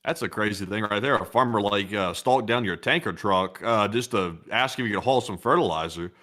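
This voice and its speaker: A man co-hosting a casual stream, reading viewer donations aloud with relaxed banter. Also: fairly low pitch, fairly quick. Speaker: co-host reading viewer messages. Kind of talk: casual livestream chat.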